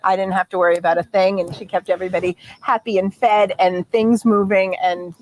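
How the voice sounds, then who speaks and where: A woman host, hoarse from a long day, warmly thanking her team by name at a live event. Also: mid-range voice, little pitch movement, a little fast, slight background noise, poor audio. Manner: effusive, laughing, thanking crew by name.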